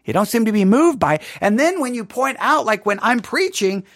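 A Bible teacher giving a dramatic, animated study lesson, acting out people's reactions and dropping to a hush when reading scripture. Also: medium pitch, a little fast, dry recording, clean studio sound.

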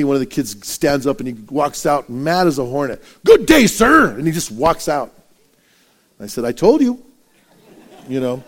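A male pastor preaching a sermon, firing rhetorical questions and acting out anecdotes with lively swings in volume. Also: mid-range voice.

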